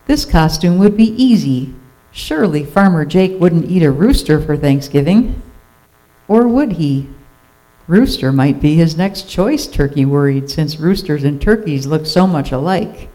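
A storyteller reads a children's picture book aloud, playful and expressive. The voice is mellow and soft-toned, with moderate pitch. Lines rise and fall for effect. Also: measured pace, rough recording.

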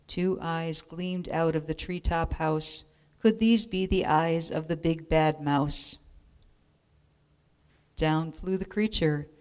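A woman reads a rhyming children's picture book aloud, keeping a steady, measured rhythm. Her voice sits on the low side and her pace is very slow and deliberate. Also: clean tone. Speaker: storybook reader.

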